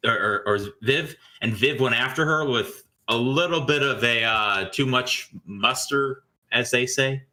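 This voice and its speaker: A man's voice: medium pitch, sharp tone. A man co-hosting a casual commentary podcast, rambling and exasperated, often stammering and restarting his sentences. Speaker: podcast co-host.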